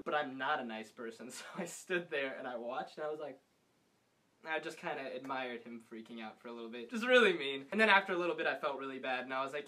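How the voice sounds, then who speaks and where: A man's voice: high voice, a little fast, pushed and bright. A young man co-hosting a comic vlog, trading teasing jabs and telling a story with laughs. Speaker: co-host and sidekick. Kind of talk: casual comic banter and storytelling.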